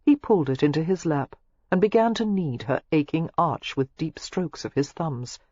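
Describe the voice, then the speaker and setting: An audiobook narrator reading a novel in a measured storytelling manner, with a husky voice. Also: mid-range voice, a little mellow, no echo, dull audio. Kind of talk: scripted narration.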